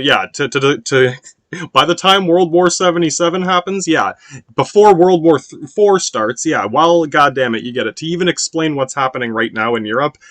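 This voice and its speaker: A man's voice: mid-range voice, a bit bright, no room sound. A man in a rambling, casual monologue as a podcast host, swearing often and restarting his sentences. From United States. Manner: rambling, profane, sprinkled with "yeah" and restarts.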